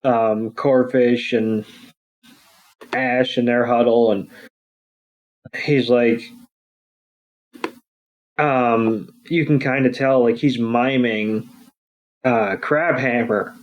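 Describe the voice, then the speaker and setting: A man's voice: mid-range voice, fairly even intonation, extremely slow, long pauses, rough recording. A man co-hosting a podcast, casually recapping a cartoon episode with crude jokes. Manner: laid-back, crude joking. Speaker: podcast co-host.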